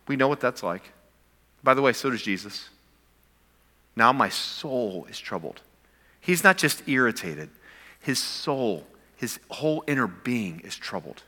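A man preaching from the pulpit with a bright, forceful tone that carries a long reverb through a large hall. He climbs to emphatic peaks, then drops into quiet intensity. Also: medium pitch. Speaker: pastor. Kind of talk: sermon.

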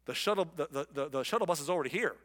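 A man's voice: a little high, expressive, very fast, a bit bright, long reverb tail. A man voicing a crowd of anxious ancient townsfolk in casual modern slang. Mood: dismissive.

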